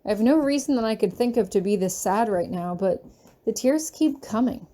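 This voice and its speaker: A woman's voice: medium pitch, expressive, moderate pace, dark tone. A woman narrating a fanfiction chapter in the first person, reading earnestly and with emotion. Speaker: fanfiction reader.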